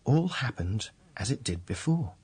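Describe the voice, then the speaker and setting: A man reading a fairy tale aloud, slow and deliberate. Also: medium pitch, big pitch swings, a little mellow, breathy edge. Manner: slow, deliberate, repetitive storytelling. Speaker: storyteller.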